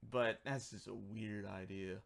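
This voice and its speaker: A man's voice: lowish voice, fairly even intonation, a little slow, vocal fry. A man talking casually on a livestream as he works, rambling, joking and muttering to himself. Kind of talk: casual livestream chat while working.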